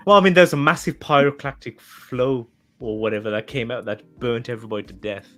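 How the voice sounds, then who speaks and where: A man co-hosting a casual podcast, relaxed and hesitant, his sentences fading out. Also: medium pitch, a little fast, soft background music. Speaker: podcast co-host. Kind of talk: casual chat.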